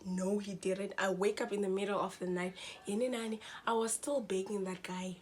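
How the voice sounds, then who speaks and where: A woman's voice: mid-range voice, steady tone, normal speed, darkish tone, breathy edge. A young woman tells a dramatic storytime vlog, talking to her viewers as guys and mixing in slang. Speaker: vlogger.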